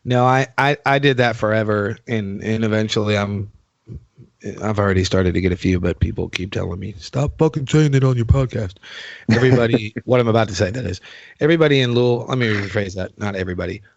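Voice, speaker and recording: A man's voice: fairly low pitch, fast talker, gravelly, no room sound. A man in his forties hosting a podcast, rambling in casual chat and swearing freely. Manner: rambling and profane. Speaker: podcast host. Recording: dull dry lo-fi sound.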